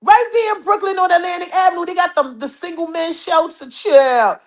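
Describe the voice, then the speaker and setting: A woman's voice: very high voice, fairly quick. A woman with a New York accent hosting a podcast, dishing celebrity gossip in brash, profane, mocking casual chat. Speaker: podcast host.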